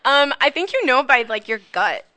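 A woman's voice: high-pitched, big pitch swings, normal speed, pushed and bright, no room sound. A young woman from Florida, a podcast guest, talking in a chatty, emotional, jokey way with lots of fillers. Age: young adult. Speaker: podcast guest, film student. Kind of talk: casual chat.

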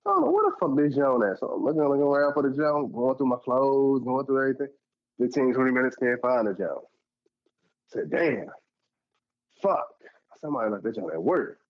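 Animated man telling stories, lo-fi. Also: brisk. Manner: animated, acts out quotes in a high voice. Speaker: podcast co-host telling stories. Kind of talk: casual storytelling chat.

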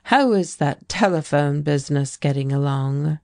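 A shabby, eager man presses with questions, as a woman reads him. The voice is low and the delivery slow. It belongs to an audiobook reading. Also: mellow, dry recording, studio quality. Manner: eager, demanding.

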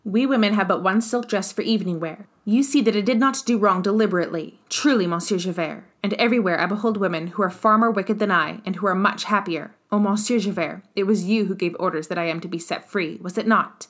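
A woman's voice: medium pitch, fairly quick, few pauses, close to an everyday voice. A woman reading a desperate young seamstress, Fantine. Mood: feverish. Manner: pleading, feverish.

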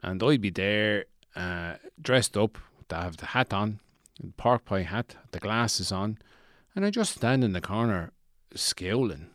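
A man's voice: lowish voice, expressive, measured pace, fairly bright tone, no room sound, clean studio sound. A man voicing a deluded, gloomy man who lives in a shed, rambling in a meandering, self-pitying yet chirpy way.

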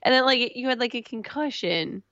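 Female podcast co-host, relaxed teasing talker, gravelly voice, dull dry recording. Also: fairly high pitch, normal speed, dry recording. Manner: laid-back, teasing, lots of "like". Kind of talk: casual chat.

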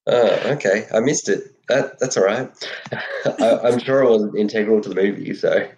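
A man's voice: fairly low pitch, normal speed, darkish tone. An Australian man co-hosting a casual chat, laid-back and laughing easily, often restarting his words. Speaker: podcast co-host. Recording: slightly dull lo-fi audio.

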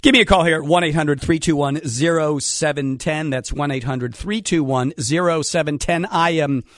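A man hosting a radio call-in show, animated and wry, a bit hoarse from a cold. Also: a little high, moderate pace, dry recording, studio quality. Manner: animated, wry, laughs while talking. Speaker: radio talk show host. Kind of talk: casual opinionated radio talk.

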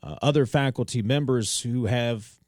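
Speaking at a normal speed with a medium-pitched, darkish voice, a local talk radio host reads out headlines and adds conversational commentary and wry asides. The studio microphone gives a dry sound with no room ambience.

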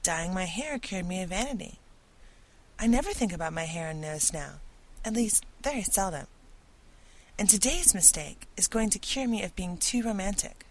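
A woman's voice: medium pitch, a little hiss or hum, natural voice, rough recording. A woman voicing an imaginative, talkative young girl who speaks earnestly and dramatically in an audiobook.

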